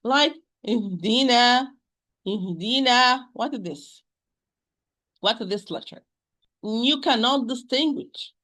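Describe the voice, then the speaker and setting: Woman, Quran recitation teacher, bright, fairly high voice, slow demonstrations of sounds. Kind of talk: spoken lesson with recited examples.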